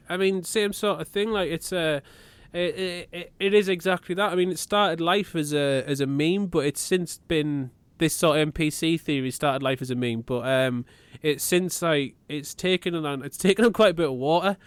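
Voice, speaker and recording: A man's voice: fairly high pitch, clean tone, no room sound. Teasing sweary man. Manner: teasing, swears a lot, stumbles and restarts. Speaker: podcast co-host. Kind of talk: casual banter.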